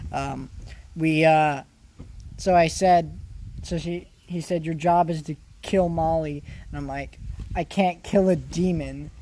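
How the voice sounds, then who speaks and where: A man's voice: a little high, warm tone, a little hiss or hum. A man from California rambling casually in a vlog, with many restarts and fillers. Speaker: vlogger.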